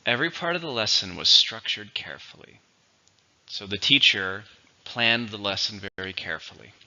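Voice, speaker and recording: A man teaching English vocabulary, explaining words slowly and clearly in a teacherly way. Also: on the low side, very animated, bright, forceful tone, highs cut off. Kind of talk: vocabulary lesson.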